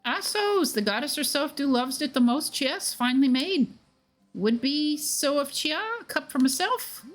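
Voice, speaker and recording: A woman's voice: high voice, lively intonation, unhurried, soft background music, pitched above the performer's own voice. Woman doing a lilting faux-Irish fairy godmother. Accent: put-on Irish. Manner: sing-song, mangled archaic phrasing. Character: bubbly fairy godmother woman, garbled lilt.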